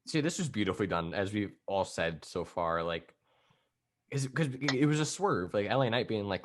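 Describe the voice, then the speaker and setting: Excitable young man chatting wrestling. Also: on the low side, a little fast. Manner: excitable, rambling, laughs often. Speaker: podcast co-host. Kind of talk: casual wrestling chat.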